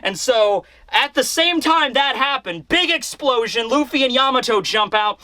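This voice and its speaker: Excitable guy rambling through a comic recap, high bright voice, dry sound. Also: moderate pace, no room sound. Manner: excitable, rambling, mild swearing. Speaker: manga reviewer. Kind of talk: casual recap commentary.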